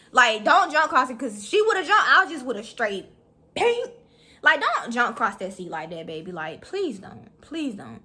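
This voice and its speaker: A young woman telling a story in a vlog, animated and profane, talking fast. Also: high-pitched, slightly rough. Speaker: vlogger.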